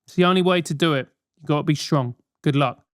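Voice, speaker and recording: A man's voice: on the high side, fast talker, smooth, no echo, clean studio sound. A man in his thirties with a London accent, hosting a podcast and answering listener letters with blunt, sweary, mock-outraged banter. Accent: London English. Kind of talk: comedic advice monologue.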